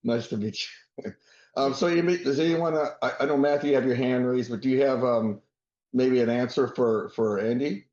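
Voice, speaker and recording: A man's voice: mid-range voice, normal speed, darkish tone. A man hosting a roundtable on a video call, talking informally and joking with guests. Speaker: roundtable host. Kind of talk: casual video call discussion. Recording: roomy, muffled call audio.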